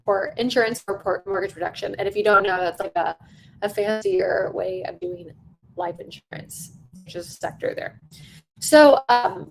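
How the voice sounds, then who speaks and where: A woman's voice: mid-range voice, measured pace, gravelly, long pauses, slight background noise, rough recording. Woman coaching with emphatic repetition. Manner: emphatic, repeats key phrases for stress; conversational, checks in with "right?". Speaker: sales trainer. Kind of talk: coaching lesson on sales calls.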